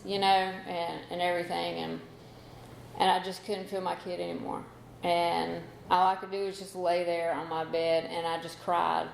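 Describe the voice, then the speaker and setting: A woman in her thirties gives a personal testimony at a recovery meeting in a fairly low, gravelly voice, candid and conversational and full of "you know" fillers. The room is echoey, with slight background noise.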